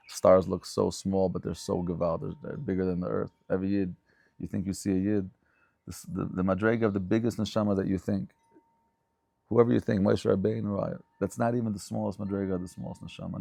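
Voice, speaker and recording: A man's voice: low voice, fairly even intonation, brisk, vocal fry, mellow, no echo. A man giving a Torah lecture as a rabbi, speaking fervently and emphatically and repeating phrases for stress.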